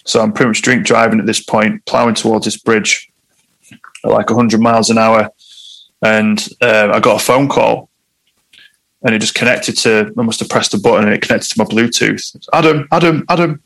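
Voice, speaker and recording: A man's voice: lowish voice, little pitch movement, moderate pace, creaky, a bit bright, low-quality recording. A man, a guest telling a personal story in conversation, candid and reflective.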